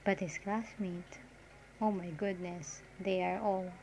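A woman's voice: on the low side, flat delivery, takes it slowly, a little mellow. A woman from the Philippines with a Filipino accent, chatting casually in a reaction vlog, full of "like" fillers and restarts. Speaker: reaction vlogger. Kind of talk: casual commentary. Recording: dull lo-fi audio with faint noise.

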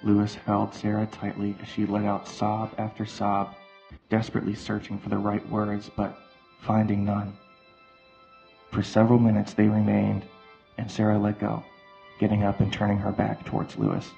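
A man narrates an audio drama in a steady, even reading. His low voice has a gravelly edge and stays flat. The sound is slightly dull, with faint music under it. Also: moderate pace.

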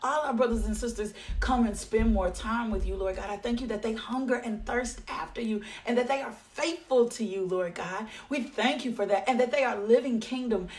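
A woman leads a devotional talk that flows into prayer, fervent and encouraging, repeating phrases for emphasis. Her voice sits a touch high. She sounds a little distant from the microphone. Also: normal speed, few pauses, a little mellow. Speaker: devotional leader.

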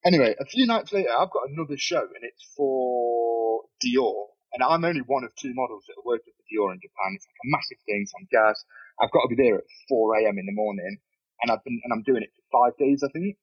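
A man telling a wild story as a podcast guest, animated and swearing freely, laughing as he goes. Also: medium pitch, a little fast, breathy edge, muffled recording. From Nottingham, England. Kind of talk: casual storytelling. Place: bedroom.

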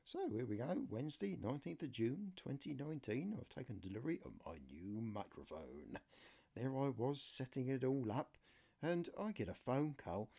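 A man's voice: medium pitch, big pitch swings, normal speed, vocal fry, dark tone. A man hosting his own casual home radio show on a new condenser mic, chatty and jokey. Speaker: amateur radio show host. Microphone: new USB condenser mic.

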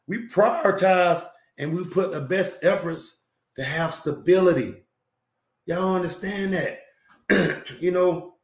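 Preachy guy hosting an advice show, kinda high voice, keeps clearing his throat, echoey room. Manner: preachy and emphatic, repeats phrases, clears throat often. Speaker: host. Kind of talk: relationship advice talk show.

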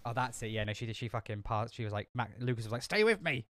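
A man rambling in casual conversation, cursing freely and restarting his sentences. His voice is smooth and resonant. The sound is dry and close. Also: on the low side, level tone, very fast, no room sound. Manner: rambling and profane, with many fillers and restarts. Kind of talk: casual chat.

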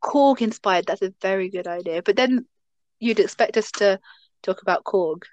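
A woman's voice: medium pitch, moderate pace, a little mellow, no echo. A young woman, co-hosting a podcast in casual chat, giggly and chatty with lots of fillers. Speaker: podcast co-host.

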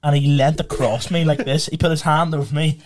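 A man's voice: fairly high pitch, steady tone, a little fast, a little mellow. A young man, chatting on a casual podcast. He tells his stories loosely and laughs often as he goes. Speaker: podcast co-host. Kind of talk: casual chat, storytelling.

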